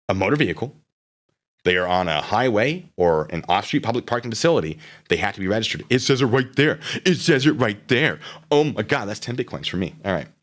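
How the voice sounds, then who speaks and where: A man's voice: on the low side, a bit bright. A man hosting a live stream, commenting casually and sarcastically while reading chat messages aloud.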